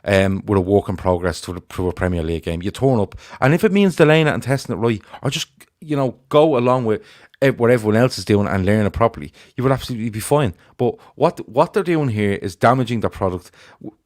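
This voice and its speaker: A man with a Liverpool accent hosting a casual football podcast, opinionated and animated, with frequent ums. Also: lowish voice, fast, no echo, clean studio sound. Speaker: podcast host.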